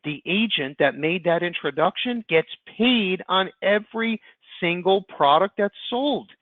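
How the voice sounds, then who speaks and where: A man giving an upbeat, fast sales pitch as presenter on a webinar call. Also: animated, no echo. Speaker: insurance platform presenter. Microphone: conference call line. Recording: tinny phone-line audio.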